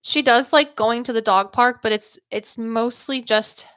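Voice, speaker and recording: A woman's voice: a little high, fairly even intonation, a little slow, fairly bright tone, dry recording, studio quality. A woman hosting livestream psychic readings, chatty and upbeat, rambling with lots of "like" and "um". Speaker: psychic medium host.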